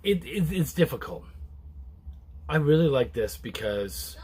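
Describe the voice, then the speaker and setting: A man reviewing a comic book in a casual, relaxed chat to camera, rambling with many restarts and fillers. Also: a little slow, breathy edge. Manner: relaxed and low-key.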